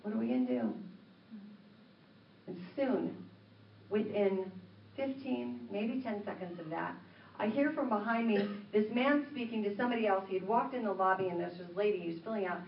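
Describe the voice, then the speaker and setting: A woman minister preaching a sermon, telling a story in an animated way and acting out the dialogue. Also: medium pitch, moderate pace, slight background noise. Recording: roomy, distant, dull sound.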